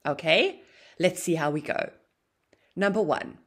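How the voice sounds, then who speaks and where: A woman teaching an online English grammar lesson, explaining with a lively, sing-song intonation. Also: fairly low pitch, unhurried, husky.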